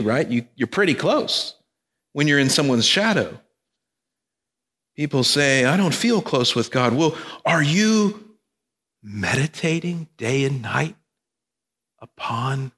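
A man's voice: fairly high pitch, bright, forceful tone. A male pastor preaching a sermon, emphatic and repetitive, with joking asides. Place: church sanctuary. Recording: long reverb of a church hall.

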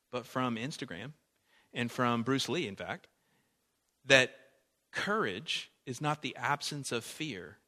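A man preaching a sermon as pastor, animated, swinging between loud emphasis and soft asides. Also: mid-range voice.

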